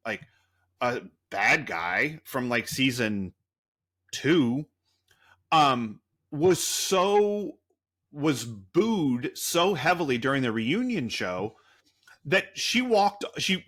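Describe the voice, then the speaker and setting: A podcast co-host with a medium-pitched, slightly bright voice rambles through a story in a loose, casual, profanity-laced manner.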